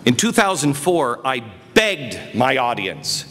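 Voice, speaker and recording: A man giving an emphatic political speech at a conference, his voice swinging between quiet and loud. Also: medium pitch, sing-song, slow pace. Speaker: speaker. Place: conference hall. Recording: reverberant hall, faint noise.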